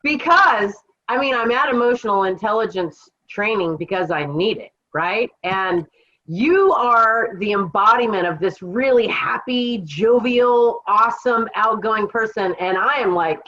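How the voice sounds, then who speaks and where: A woman from Washington State's Kittitas Valley tells her life story as a podcast guest, reflective and unhurried with some fillers. The sound is slightly dull and lo-fi, like a remote call line. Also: medium pitch, animated, pushed and bright. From Kittitas Valley, Washington, USA. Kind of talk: casual interview storytelling.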